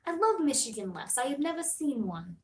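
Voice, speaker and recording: A young woman streamer chatting casually to her viewers. Her voice sits a little high, and she tells her story with lively swings between loud outbursts and quiet asides. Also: brisk, low-quality recording. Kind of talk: casual live-stream chat.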